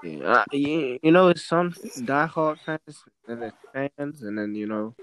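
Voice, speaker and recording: A man's voice: mid-range voice, expressive, unhurried, a bit bright, smooth, no echo. Rambling young man, dry close sound. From Maryland. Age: young adult. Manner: rambling, trails off. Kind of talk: casual chat.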